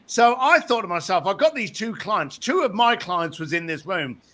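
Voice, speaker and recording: A man being interviewed about his book, telling anecdotes in an animated way and acting out the voices of the people in them. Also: sits high, moderate pace. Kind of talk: animated storytelling in conversation.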